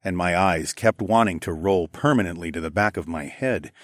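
A man narrating a first-person erotic audiobook in a low, intimate, unhurried way. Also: no echo, clean studio sound.

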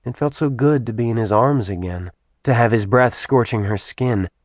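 A man narrating an audiobook in a soft, even storytelling manner. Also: mid-range voice, normal speed, no echo. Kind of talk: scripted narration.

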